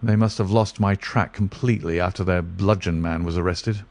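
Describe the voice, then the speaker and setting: A man reading the lines of a calm, clever male detective in a measured, assured way. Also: sits low.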